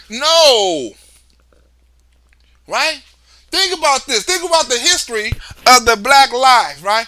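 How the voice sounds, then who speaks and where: A man hosting a livestream, giving loud, excitable, profane political commentary and tagging many remarks with "right?". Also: very high voice, a little slow. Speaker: livestream host.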